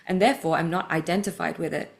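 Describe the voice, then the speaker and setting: A woman with a somewhat low voice reads from her own writing, stopping to add personal asides. She sounds earnest and vulnerable, and grief keeps rising in her voice as she reads. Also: fairly even intonation, fast talker, vocal fry. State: emotional, voice welling with grief. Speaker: podcast host.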